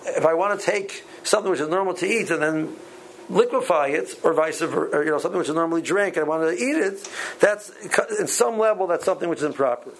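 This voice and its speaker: A man teaching a Talmud class, speaking haltingly with many repeated words and ums. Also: fairly high pitch, vocal fry, a little hiss or hum, rough recording. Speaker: Torah teacher.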